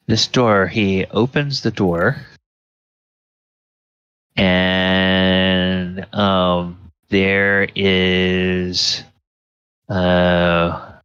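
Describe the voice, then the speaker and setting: Man running a tabletop game, very slow, deep voice, dry muffled recording. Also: fairly bright tone, clear, resonant tone, dry recording. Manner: halting, filler-heavy description. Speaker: dungeon master.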